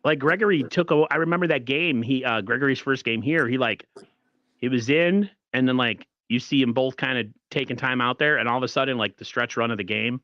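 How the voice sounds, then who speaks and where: Raspy man, casual sports co-host, dry close sound, slightly dull audio. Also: mid-range voice, a little fast, a bit bright, no room sound. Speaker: podcast co-host.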